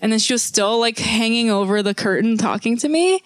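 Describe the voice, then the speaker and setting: Animated woman telling a story. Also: fairly high pitch, fairly quick, dry recording. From Korean family. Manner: animated storytelling with lots of "like" and laughter. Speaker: podcast co-host. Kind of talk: casual chat.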